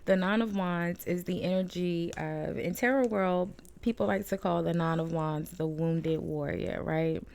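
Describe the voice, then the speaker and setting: A woman's voice: on the low side, measured pace, gravelly, few pauses, darkish tone. A woman tarot reader, chatty and rambling with frequent laughs, giving a casual reading at home. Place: home room with balcony door shut.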